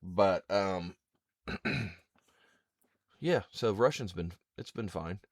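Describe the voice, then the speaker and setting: A laid-back man chats casually on his podcast, his voice sitting a little low. He tells stories easily and slips into the other people's lines as he goes. The sound is dry and close, with no room in it. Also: animated, very slow, dry recording. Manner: laid-back storyteller who acts out dialogue. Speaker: podcast host. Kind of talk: casual chat.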